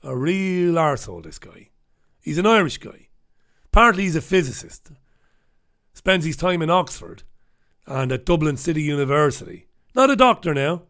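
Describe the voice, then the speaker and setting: Man, host, scathing newspaper review, sarcastic, sweary, fairly high pitch. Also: expressive, moderate pace, pauses often, a bit bright. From United Kingdom.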